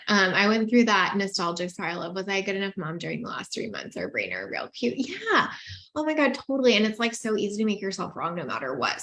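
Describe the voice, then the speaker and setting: A woman hosts a podcast in a chatty, candid way. Her talk is full of "like" fillers and quick laughs. She sounds open and reflective. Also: medium pitch, fairly bright tone. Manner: chatty, filler-heavy with frequent "like", laughs easily. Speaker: podcast host. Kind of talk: candid casual podcast chat, reading listener comments.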